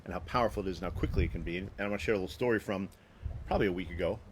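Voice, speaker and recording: A man hosting a live stream, telling a personal story to viewers in an animated, restless way, often restarting his sentences. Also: deep voice, racing, slight background noise. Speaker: host.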